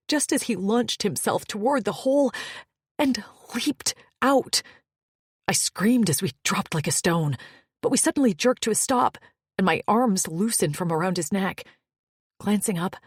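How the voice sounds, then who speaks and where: A woman reading a first-person fantasy romance audiobook with dramatic delivery, turning breathless at the peaks and hushed in quiet moments. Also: medium pitch, slightly rough, dry recording, studio quality. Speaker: audiobook narrator.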